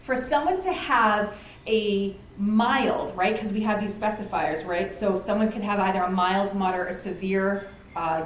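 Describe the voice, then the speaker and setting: Chatty woman lecturing in an echoey room. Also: mid-range voice. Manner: conversational, uses "right?" often, acts out anecdotes. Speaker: speaker at a community lunch talk. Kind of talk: informal educational talk. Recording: echoey room with faint noise.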